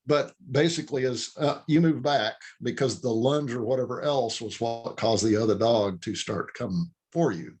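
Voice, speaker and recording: A man's voice: mid-range voice, normal speed, hardly any pauses, darkish tone, husky. A man giving firm, emphatic dog-training advice on a video call. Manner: emphatic, acts out what the owner should say.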